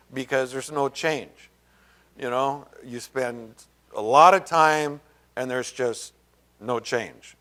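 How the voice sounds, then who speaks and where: A man preaching a sermon as pastor, conversational and rambling, full of fillers and asides, and raising his pitch to act out quoted voices. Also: fairly bright tone.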